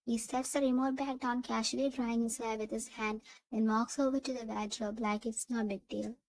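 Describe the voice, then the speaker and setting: A woman reading second-person fan fiction narration in an even, steady way. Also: on the high side, moderate pace, rough recording.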